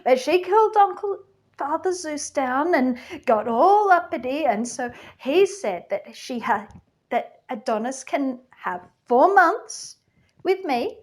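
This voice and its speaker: A woman's voice: high-pitched, animated, slow pace. A woman playing a gossipy underworld goddess queen. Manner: chatty, gossipy, full of "like" and "you know". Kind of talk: comic character monologue.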